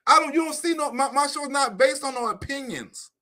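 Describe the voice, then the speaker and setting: A high-pitched man with a bright, sharp edge to his voice holds forth in a loose livestream monologue. He is profane and animated, repeating himself as he builds each point. His laughs break up the rant. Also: moderate pace. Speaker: comedian and YouTube host.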